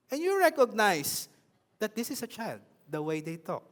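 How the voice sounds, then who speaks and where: A man with a Filipino accent preaches with animation, often turning to ask his congregation questions. His voice sits high and rises and falls a lot. A long reverb trails behind him. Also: big pitch swings, normal speed. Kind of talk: sermon.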